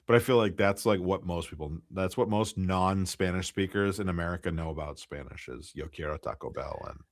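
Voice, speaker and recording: Deep-voiced man, dry close sound. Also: no room sound. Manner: easygoing, with hesitant fillers and drawn-out phrases. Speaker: podcast co-host. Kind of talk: casual chat.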